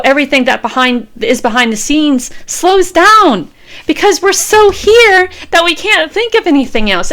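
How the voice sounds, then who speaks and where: A woman's voice: on the high side, a bit bright. A woman in her fifties, a tarot reader giving a fervent motivational talk, repeating phrases and swearing as she urges viewers on. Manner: fervent, repetitive and profane, preaching to viewers. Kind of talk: impassioned motivational monologue.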